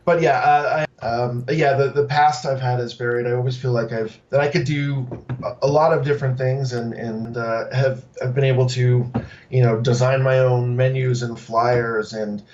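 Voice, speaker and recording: Halting food truck owner, heard from afar. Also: male voice, medium pitch, level tone, a little mellow, recorded from a distance, muffled recording, slight background noise. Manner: halting, many fillers and restarts. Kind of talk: casual interview talk.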